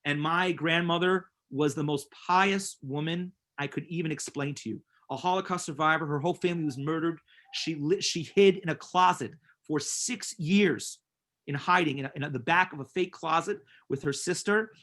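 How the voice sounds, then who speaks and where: A man's voice: fairly high pitch, moderate pace, fairly bright tone. A man teaching a class as a rabbi, earnest and emphatic, telling personal stories and repeating words for stress. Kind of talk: inspirational class with storytelling.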